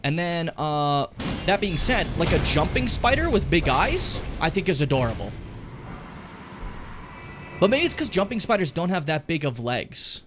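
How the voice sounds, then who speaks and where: A man streaming a game, chatting casually and ranting with lots of swearing, loud one moment and muttering the next. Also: fairly high pitch, normal speed, over music. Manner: animated, swearing, ranting loudly then muttering. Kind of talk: casual gaming stream chat and rant.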